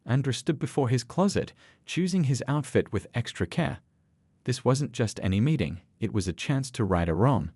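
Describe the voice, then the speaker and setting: A man narrating a scripted story in a steady storytelling manner. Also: mid-range voice, moderate pace, breathy edge, no echo.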